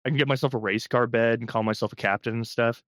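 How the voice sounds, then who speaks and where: A man's voice: medium pitch, fairly even intonation, fast, dry recording, clean studio sound. Joking man co-hosting a podcast. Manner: joking, frequent laughter. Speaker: podcast co-host. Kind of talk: casual film discussion.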